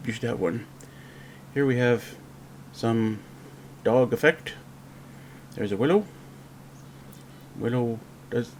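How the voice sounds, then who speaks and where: Guy doing voice-over for his own vlog, dry self-mocking jokes, mid pitch, faint hiss behind. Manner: wry, self-mocking, with playful sound effects. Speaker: vlogger. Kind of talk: casual voice-over narration. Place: home office, indoors.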